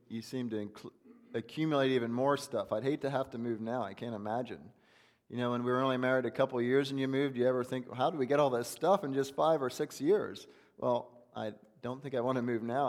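A man's voice: mid-range voice, big-room sound. A man preaching a conversational sermon, asking the congregation many rhetorical questions. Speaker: pastor. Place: church.

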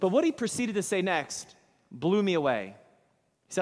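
A man's voice: sits high, big pitch swings, normal speed. A male pastor preaching a sermon in church, telling a story with dramatic, emphatic delivery. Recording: reverberant church hall.

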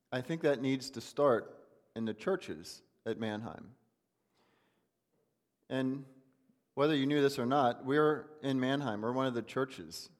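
A man's voice: medium pitch, in a large hall. A man preaching a conversational sermon, asking the congregation many rhetorical questions. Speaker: pastor. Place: church.

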